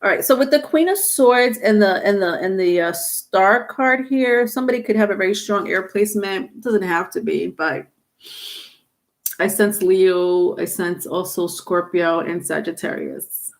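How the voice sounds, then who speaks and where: A woman's voice: medium pitch, a little slow. A woman giving a live-streamed tarot reading, rambling with many fillers and restarts. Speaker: tarot reader.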